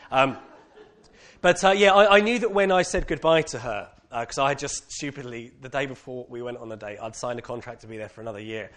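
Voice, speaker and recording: A man with a British accent recounts his own testimony to an audience at a brisk clip and medium pitch. His delivery is frank and animated and full of casual fillers.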